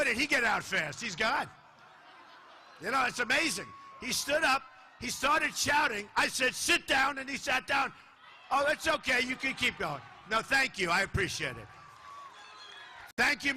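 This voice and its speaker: An older man giving a boastful, repetitive campaign rally speech in a large hall, dropping to low asides and rising to shouts. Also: a little hiss or hum. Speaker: political candidate speaking at a rally. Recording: live hall recording with faint crowd ambience.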